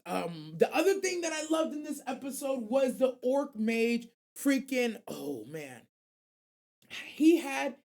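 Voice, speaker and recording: A woman hosting a casual anime radio show, animated and slangy, rambling and swearing freely. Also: medium pitch. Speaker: host.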